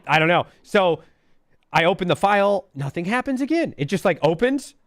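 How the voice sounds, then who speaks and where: A man in his thirties tells a story in animated casual chat, his pitch a little high and leaping all over as he imitates beeps and quotes himself. He drops "bro" and "dude" constantly. The sound is dry and close. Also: normal speed, no echo. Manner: says "bro" and "dude" a lot. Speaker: caller.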